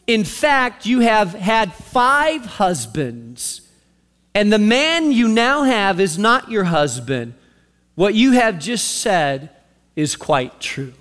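A male preacher reading the words of a calm, patient Jesus in a measured way, in a large reverberant hall. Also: sits high, full character voice.

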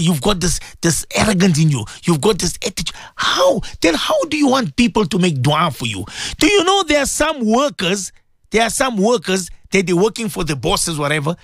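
A man hosting a morning radio show, giving religious advice in a preachy, animated way, repeating phrases for emphasis. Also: on the high side, no room sound, clean studio sound. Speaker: radio presenter. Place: radio studio.

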